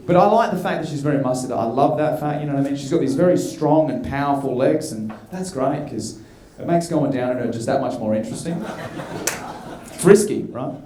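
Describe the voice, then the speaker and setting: Cheeky stand-up man teasing the crowd. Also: fairly high pitch. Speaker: stand-up comedian. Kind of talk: stand-up routine. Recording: echoey club room.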